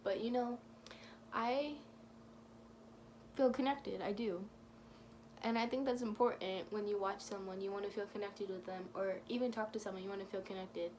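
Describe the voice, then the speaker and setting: A woman's voice: medium pitch, fairly even intonation, moderate pace, pauses often, darkish tone, slight background noise. A woman telling a rambling, gushing story for her vlog, leaning on "like" again and again. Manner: gushing, rambling, heavy use of "like". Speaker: vlogger.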